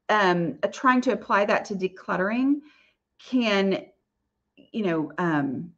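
A woman's voice: mid-range voice, a bit bright, dull audio. A woman hosting a casual live Q&A and answering viewer questions, talking in a chatty, rambling way with many fillers and restarts.

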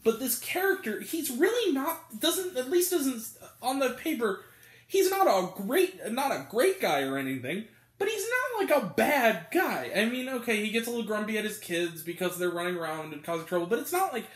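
High, lively man reviewing a movie. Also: normal speed. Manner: animated, rambling, stumbles over names and laughs. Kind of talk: casual spoken movie review. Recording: roomy echo.

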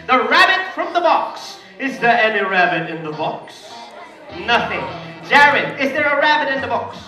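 A woman's voice: fairly high pitch, sing-song, normal speed, reverberant. Woman, Filipino accent, party magician, teasing and coaxing, distant mic, music and crowd noise. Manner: playful, teasing, coaxing children. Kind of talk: live kids' party magic show.

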